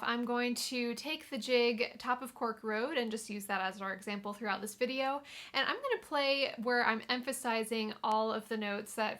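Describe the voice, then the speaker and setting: A woman's voice: fairly high pitch, normal speed, a bit bright. A young woman teaching fiddle in a video tutorial, explaining in a friendly, casual way with small fillers. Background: fiddle playing between phrases.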